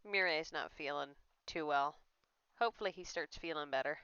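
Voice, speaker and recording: A woman's voice: low voice, normal speed, bright, forceful tone, smooth, no echo, dull audio. A woman streaming a mystery game, chatting, giggling and reading instructions aloud. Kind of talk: let's play commentary.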